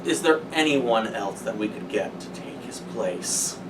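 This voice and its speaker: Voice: medium pitch, lively intonation, a little slow, lightly acted. A performer playing a weary, rambling school-play organizer in an improv scene, heard from a distance over room noise.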